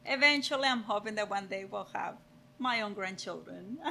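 Bright-voiced woman. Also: medium pitch, moderate pace, gravelly, poor audio. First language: Spanish. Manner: laughing, repeats words, animated. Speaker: podcast guest, host's mother. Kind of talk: casual chat.

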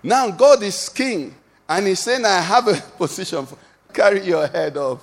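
Male pastor, high voice, call-and-response sermon style, long church reverb. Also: expressive, moderate pace, creaky. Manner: preaching with call-and-response questions, rising to shouts.

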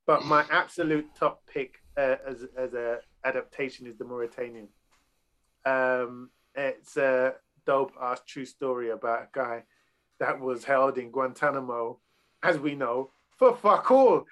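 A man's voice: mid-range voice, steady tone, a little slow, fairly bright tone. Easygoing profane man on a podcast. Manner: loose, profane and enthusiastic. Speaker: podcast panelist. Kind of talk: casual podcast chat.

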